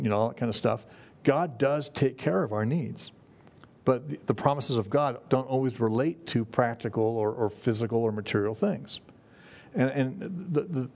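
A man's voice: medium pitch, vocal fry, a little mellow. A middle-aged man preaching a sermon to a congregation in a conversational way, often restarting his phrases. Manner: conversational, with frequent restarts and "you know". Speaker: pastor.

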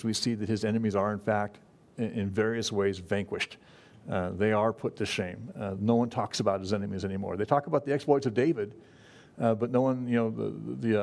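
A man preaching a conversational Bible-study sermon as pastor, in a folksy, halting way with frequent fillers and restarts. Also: on the low side, darkish tone.

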